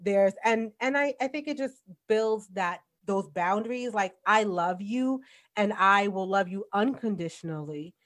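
A woman in her forties, a guest on a casual podcast, talking bluntly and telling animated stories about raising kids, with a New York accent. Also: mid-range voice. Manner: blunt, animated storytelling with laughs.

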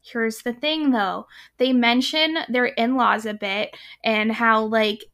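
Woman, twenties, casual chatter, heavy filler words, a bit high-pitched. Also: steady tone, slow, fairly bright tone. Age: 20s. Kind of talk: casual film-review chat.

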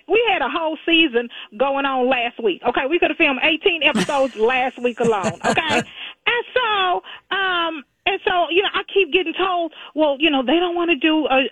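A woman's voice: high voice, dry recording, lo-fi sound. A woman guest chatting casually and talking freely about her family and everyday life. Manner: animated, talkative storyteller. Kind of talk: casual chat.

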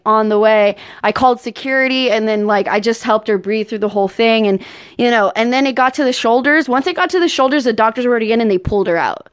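A woman comedian in casual chat, slangy and quick to laugh, telling stories from her work. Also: a little high, smooth, no echo, studio quality. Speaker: guest comedian.

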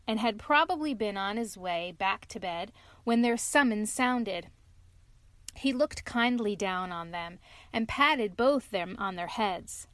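A mother hosting a show and reading a bedtime story aloud in a calm, steady way. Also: medium pitch, no echo.

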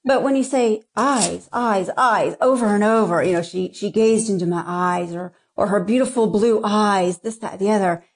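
A woman's voice: medium pitch, normal speed, hardly any pauses, a little hiss or hum. A woman author talking frankly about her writing in an interview, rambling with many restarts. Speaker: erotica author, guest. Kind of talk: casual interview talk.

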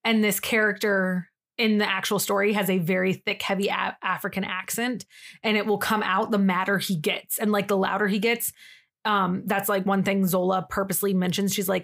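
A young woman co-hosting a podcast who retells a story with animated, slangy energy. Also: medium pitch, a little fast, gravelly. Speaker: podcast co-host. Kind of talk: casual storytelling chat.

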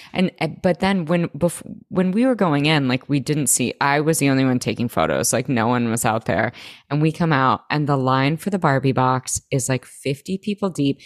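Low-voiced, gushing woman podcast co-host. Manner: enthusiastic, gushing, swears casually. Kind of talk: casual chat.

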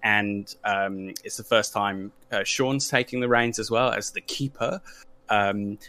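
A man's voice: lowish voice, fairly even intonation, unhurried, pushed and bright. A man who hosts a roleplaying podcast and runs games, talking casually with lots of ums and restarts. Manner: hesitant, many fillers and restarts. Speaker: podcast host and game master. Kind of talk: casual panel chat.

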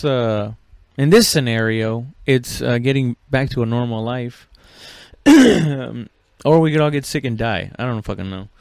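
A man's voice: medium pitch, creaky, a little mellow, smooth, no room sound. A man hosting a solo podcast, rambling and cursing, full of fillers and restarts. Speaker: podcast host. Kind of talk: casual solo podcast chat.

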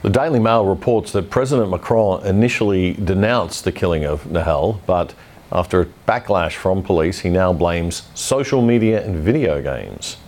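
A low-voiced man hosts a news commentary show. He is blunt and opinionated, delivering a scripted script with an easy, direct authority. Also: lively intonation, normal speed, a little mellow.

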